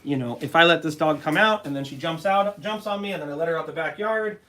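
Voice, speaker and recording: A man's voice: a little high, fast, fairly bright tone. A man talking as a dog trainer in a casual live demonstration, chatting to his viewers and coaxing a dog along. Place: at home with a dog, partly in the yard.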